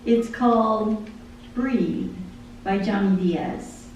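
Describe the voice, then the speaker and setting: A woman's voice: mid-range voice, extremely slow, a little mellow. A woman giving a conversational devotional talk, chatting about her busy week and listing chore after chore. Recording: very echoey room from far off, faint hum.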